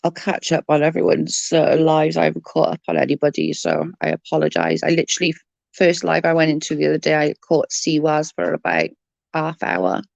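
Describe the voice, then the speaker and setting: A woman's voice: sits low, flat delivery, brisk, gravelly, a little mellow, dry recording. A woman with a Welsh accent chatting casually on a live stream, greeting viewers by name in an earnest, emotional way. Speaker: livestream host.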